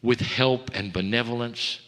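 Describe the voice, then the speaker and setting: Hushed man preaching in a reverberant hall. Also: mid-range voice. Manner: soft, measured, often sinking to near-hushed tones; addresses listeners tenderly as dear ones. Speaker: spiritual channeler. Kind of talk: channeled spiritual message. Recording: long reverb of a live hall.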